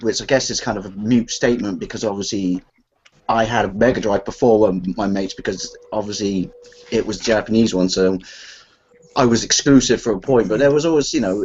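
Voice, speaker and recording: A man's voice: lowish voice, slight background noise. A man, chatting casually as a podcast co-host and telling jokey stories. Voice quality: jokey, animated storyteller doing quick voices. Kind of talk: casual chat. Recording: muffled lo-fi live stream audio.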